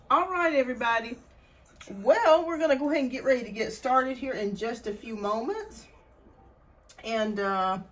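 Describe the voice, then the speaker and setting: High-voiced, breathless woman tarot host. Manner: chatty, greets viewers by name. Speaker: tarot reader hosting a live stream. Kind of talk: casual live-stream chat.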